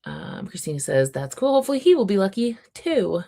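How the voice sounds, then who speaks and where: A woman's voice: medium pitch, very animated, brisk, dark tone. A woman, casually hosting a reading livestream, reading viewer comments and chatting wryly. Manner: chatty and wry, reads viewer comments aloud. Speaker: readathon livestream host.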